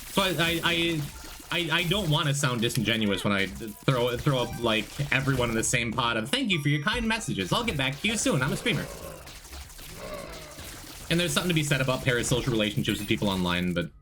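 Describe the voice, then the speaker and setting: A male streamer with a bright, forceful voice that swings widely in pitch as he rambles. He chats casually while gaming, joking and answering chat, with faint music under him.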